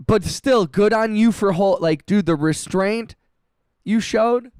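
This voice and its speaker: A man with a raised, clear, resonant voice chats live with his viewers, full of "bro" and "dude". He stumbles and restarts often, and swears freely. The sound is dry and close, with no room echo. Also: sits high, unhurried, a little mellow. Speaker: livestreaming music producer. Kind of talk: casual livestream chat, reading chat messages.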